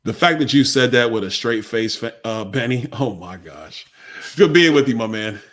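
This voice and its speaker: A man's voice: lowish voice, normal speed, fairly bright tone. A man who is a congressman, answering a host's questions in a blunt, conversational and emphatic way. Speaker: congressman guest. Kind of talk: interview answers.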